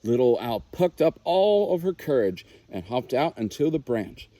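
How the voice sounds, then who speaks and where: A man, a naturalist, reading a children's picture book aloud with expressive, unhurried storytelling. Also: medium pitch, no echo.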